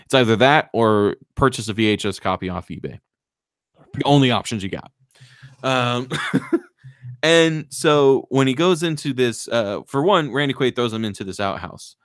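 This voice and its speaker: A man on a podcast excitedly retelling a movie plot, acting out the lines in raised voices and swearing freely. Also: mid-range voice, moderate pace, dry recording, clean studio sound. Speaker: podcast co-host. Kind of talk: casual chat, retelling a movie.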